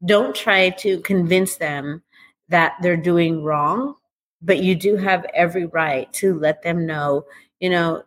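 Animated middle-aged woman, low-pitched. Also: takes it slowly. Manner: animated, acts out dialogue with shifting voices. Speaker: guest, recovery author. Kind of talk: conversational interview.

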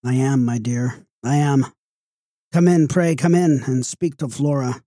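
A man's voice: medium pitch, unhurried, dark tone, no room sound, clean studio sound, close to an everyday voice. A man voicing a frightened, weeping older mother in a gothic audiobook, raising his voice into a pleading tone. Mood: tender. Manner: pleading, tearful.

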